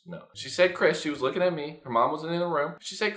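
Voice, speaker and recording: A young man telling a casual, profane dream story, jumping into loud high-pitched impressions. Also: expressive, brisk, few pauses. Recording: echoey room with faint music.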